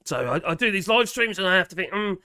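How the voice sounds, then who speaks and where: A man's voice: high-pitched, animated, fast, sharp tone, clean tone, dry recording, studio quality. A man with a Norfolk accent, rambling bluntly through a casual live stream, his voice slightly strained. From England. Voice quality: slightly strained, mucus-prone throat. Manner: rambling, blunt, chatty with frequent restarts and slang.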